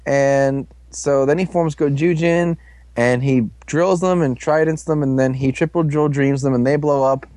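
A man giving an excited, casual recap of an episode, slipping into quick character voices. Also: fairly high pitch, no echo. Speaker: fan commentator.

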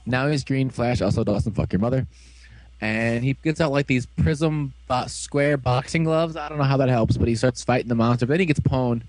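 A man casually recapping an episode for friends, animated and full of fillers, slipping into quick voices for the characters. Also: mid-range voice, a little hiss or hum. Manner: animated storytelling, fillers and quick acted quotes. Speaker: fan reviewer recapping an episode.

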